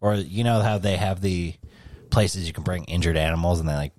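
A man's voice: deep voice, brisk, a little mellow. A man co-hosting a podcast, telling a rambling, swear-heavy story in casual chat. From New England. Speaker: podcast co-host.

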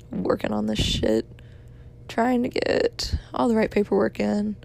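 A woman's voice: fairly high pitch, expressive, slow, vocal fry, long pauses, a little mellow. A young woman in her twenties leaving a rambling, apologetic voicemail, tired and yawning as she talks.

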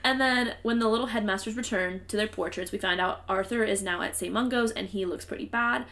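A woman's voice: mid-range voice, a little fast, fairly bright tone. A woman co-hosting a podcast, casually recapping a book with lots of fillers and trailing thoughts. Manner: chatty, filler-heavy, trails off mid-thought. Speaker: podcast co-host.

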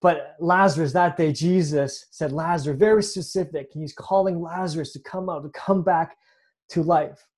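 Earnest man preaching, dark mellow voice. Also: fairly high pitch, moderate pace. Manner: earnest, repeats words when restarting. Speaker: pastor. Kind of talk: sermon.

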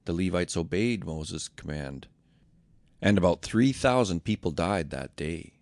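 Male narrator for scripture reading, measured and dramatic, low gravelly voice. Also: lively intonation, a little mellow, no room sound.

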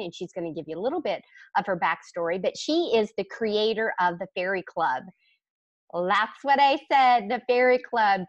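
Female host: bubbly and effusive, a slightly low voice, dry close sound. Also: no echo, muffled recording. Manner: effusive, excitable. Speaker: podcast host. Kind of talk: casual interview chat.

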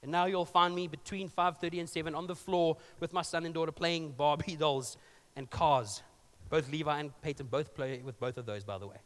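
A man's voice: on the high side, steady tone, brisk. A male pastor preaching a sermon, telling a story conversationally with joking asides. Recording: long reverb of a large hall.

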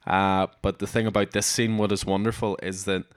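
A man hosts a casual comics chat and eagerly walks through the story beats. His voice is low and smooth, and it is recorded dry and close. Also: level tone, a little fast, no echo. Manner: enthusiastic, summarizes scenes in detail. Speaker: podcast host.

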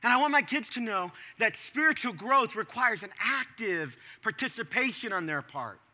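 A middle-aged male pastor preaching a sermon in a conversational way, breaking into sudden animated bursts. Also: sits high, normal speed.

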